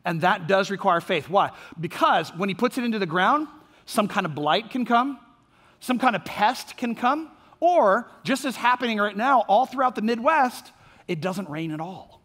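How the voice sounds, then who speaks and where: A man's voice: high voice, expressive, moderate pace, a bit bright, long reverb tail. A man from Orlando preaching a sermon as a pastor, talking conversationally with fillers and frequent "right?" check-ins. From Orlando, Florida, USA. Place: church sanctuary.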